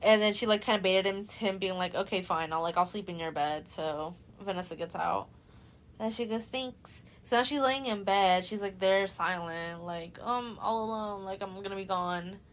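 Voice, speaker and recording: A woman's voice: medium pitch, moderate pace. Young female host, stoned, loose casual delivery, profane and giggly. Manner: laid-back, profane, giggly, lots of filler words. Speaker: podcast host. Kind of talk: casual chat retelling a book plot.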